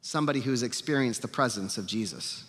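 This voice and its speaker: A man preaching a sermon as pastor, animated, acting out quotes with sarcastic asides. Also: mid-range voice, brisk. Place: church sanctuary. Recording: long reverb of a church hall.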